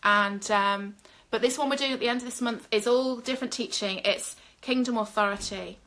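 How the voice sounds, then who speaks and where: Middle-aged woman minister, fervent, chatty live-stream preacher; a high, bright voice. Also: normal speed. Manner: fervent, talks directly to viewers with filler ums.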